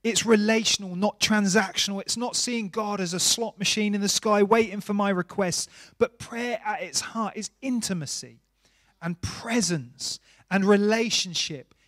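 Middle-aged male pastor, high voice, dry close sound, earnest sermon delivery shifting from soft to emphatic. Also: normal speed, no echo. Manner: earnest, varies volume from soft hush to emphatic. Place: church.

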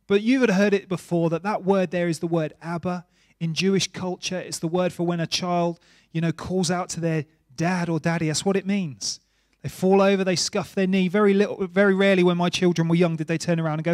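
High-voiced pastor preaching earnestly. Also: male voice, normal speed, no echo, studio quality. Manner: earnest, varies volume from soft hush to emphatic. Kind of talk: sermon. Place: church.

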